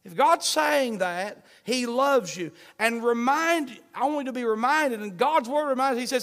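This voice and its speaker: A man preaching a sermon, fervent, swinging between shouts and hushed pleading. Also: very high voice, moderate pace, vocal fry. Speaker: pastor. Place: church sanctuary. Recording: long hall reverb.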